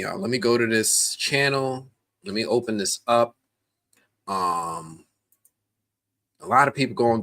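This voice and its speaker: A man hosting a live stream, chatting casually and animatedly with viewers in the chat. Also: on the low side. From United States. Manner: animated, talks directly to chat viewers, many restarts.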